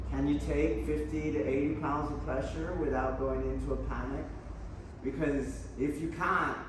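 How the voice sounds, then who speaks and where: A man's voice: mid-range voice, noisy background. A man teaching an aikido class, blunt and profane, pressing his students with challenging questions. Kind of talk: mat-side teaching talk. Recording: very echoey hall, voice from far off.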